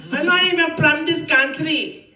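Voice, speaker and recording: A woman's voice: high-pitched, moderate pace, sharp tone, pitched above the performer's own voice. A woman voicing her scolding older immigrant mother on a comedy stage, complaining in a raised voice, recorded from a distance with an audience in the room. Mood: indignant. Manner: exasperated, complaining. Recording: roomy club, distant mic, audience.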